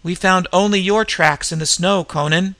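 A man voicing a gruff, loyal bearded northern warrior who grunts his lines in a storybook reading. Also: high voice, fairly even intonation, moderate pace, sharp tone, dry recording.

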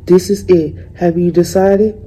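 A woman's voice: fairly low pitch, measured pace, breathy edge, rough recording. A woman reading a firm, loving mother. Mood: gentle. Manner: calm and firm.

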